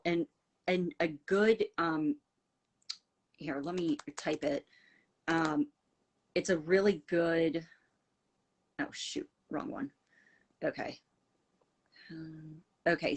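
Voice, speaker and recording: Low-voiced woman rambling on a livestream. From United States. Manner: rambling and heartfelt, full of fillers, answering viewer comments. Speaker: livestream host. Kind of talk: casual livestream chat.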